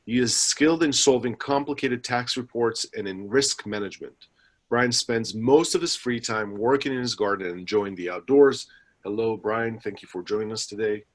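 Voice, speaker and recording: A man's voice: lowish voice, moderate pace. A man moderating a business webinar, reading the housekeeping and speaker introductions with some fillers and restarts. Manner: reads announcements with fillers and small restarts.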